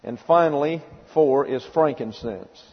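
A man delivers a Bible teaching in a relaxed, folksy way, stopping to spell out unfamiliar words. His voice is a little husky. The recording is dull and lo-fi, with a long hall reverb trailing behind him. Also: medium pitch, measured pace. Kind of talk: sermon lecture.

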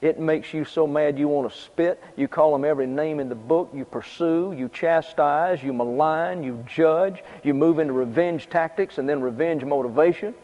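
A man preaches in a plain, conversational way, stating points twice and dropping in offhand asides. His voice sits slightly high for a man. The recording is dull and lo-fi, with a long reverb tail from a large hall. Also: normal speed, hardly any pauses. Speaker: pastor. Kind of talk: sermon.

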